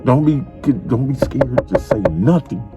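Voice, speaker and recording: A man's voice: mid-range voice, lively intonation, unhurried, music in the background. A middle-aged man, a father, crying as he tenderly tells his son he loves him, repeating himself often. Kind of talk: emotional family conversation.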